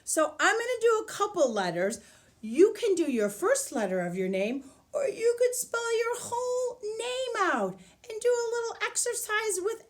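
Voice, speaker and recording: A woman teaching a preschool class by video, cheerfully leading exercises and counting aloud with the children. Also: extremely high pitch. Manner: cheerful sing-song, counting aloud with kids. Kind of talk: animated online lesson for small children.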